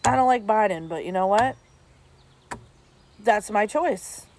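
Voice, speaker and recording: A woman's voice: mid-range voice, unhurried, noisy background. Blunt, profane woman streamer. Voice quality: blunt and profane, talks straight at viewers. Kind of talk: casual chat.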